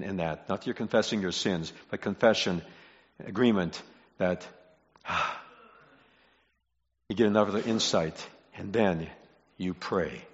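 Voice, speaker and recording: A man preaching a sermon in a mid-range voice. He drifts from quiet, low reflection to loud, hammering repetition of his key lines. The sound is slightly muffled, with a long reverb from a large hall. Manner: swings from soft, low musing to loud, emphatic repetition. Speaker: pastor.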